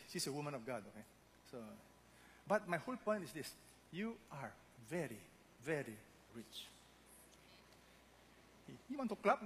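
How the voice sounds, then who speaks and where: A man preaching a sermon, swinging between loud exhortation and quiet intensity. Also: fairly high pitch. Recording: long hall reverb, faint noise.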